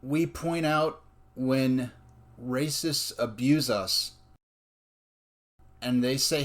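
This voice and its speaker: A man giving a personal commentary monologue in a deliberate, earnest way, with many pauses. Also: mid-range voice, a bit bright. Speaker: video essayist.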